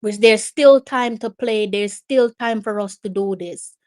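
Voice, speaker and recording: A woman's voice: mid-range voice, measured pace, darkish tone. A woman with a Jamaican accent hosting a live watch-along of a football match. She gives emotional reaction commentary, pleads with the players and slips between Patois and English.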